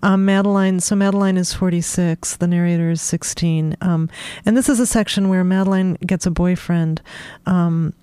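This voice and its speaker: A woman author speaks in a halting way with many fillers, then reads from her novel in a steady, measured voice. Her tone is dark and mellow. The room sounds dry and close. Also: lowish voice, smooth, dry recording. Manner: hesitant with many fillers in talk, measured when reading. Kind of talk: conversation and book reading.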